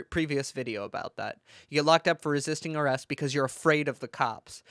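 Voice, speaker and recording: A man rants in a heated, foul-mouthed way, hammering his points with sarcasm and emphasis. His voice sits a little high for a man. The sound is dry and close, with no room echo. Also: fairly bright tone, clean tone. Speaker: political commentator. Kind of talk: profane ranting commentary.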